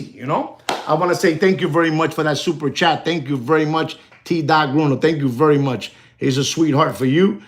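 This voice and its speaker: Gravelly man ranting on a livestream. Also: medium pitch. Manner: animated, repetitive, switching into Spanish; conspiratorial, addresses viewers directly. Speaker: live stream host. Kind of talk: casual livestream monologue.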